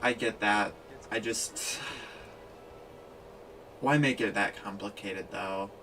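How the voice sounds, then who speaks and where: A man streaming a live reaction, excitable and ranting in exasperation. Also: lowish voice, takes it slowly. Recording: distant mic with faint background noise.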